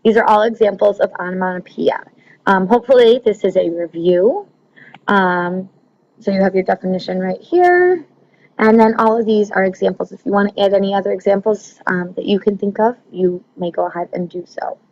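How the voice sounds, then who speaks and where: A woman's voice: mid-range voice, darkish tone, a little hiss or hum. Woman, teacher, recorded lesson, frequent ums, slightly dull lo-fi sound. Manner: explaining slowly with frequent ums.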